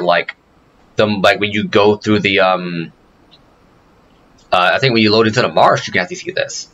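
A man hosting a gameplay video, chatting casually with rambling restarts and excitable exclamations. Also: lowish voice, dull audio, a little hiss or hum. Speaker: gaming video host.

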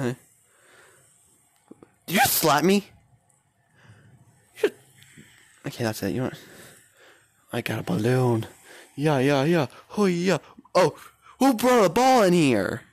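A young man giving playful, excitable commentary while playing a VR game, often shouting and exclaiming. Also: fairly high pitch, no room sound. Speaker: gaming YouTuber.

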